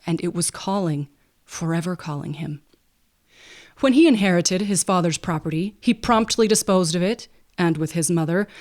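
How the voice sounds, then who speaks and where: A woman narrating a classic novel in an even, unhurried storytelling manner. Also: on the low side. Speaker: audiobook narrator and podcast host.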